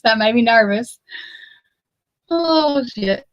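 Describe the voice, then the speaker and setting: A woman's voice: on the high side, lively intonation, very slow, no room sound, poor audio. A woman, chatting casually with her livestream viewers in a rambling, profane and emphatic way. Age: 40s. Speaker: livestream host.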